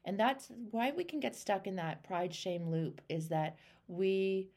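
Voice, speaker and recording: A woman hosts a one-on-one coaching call in a voice of middling pitch. She talks emphatically, acting out the inner voices of the people she coaches, and swears casually. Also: animated, a little slow, a little mellow. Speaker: life coach and show host.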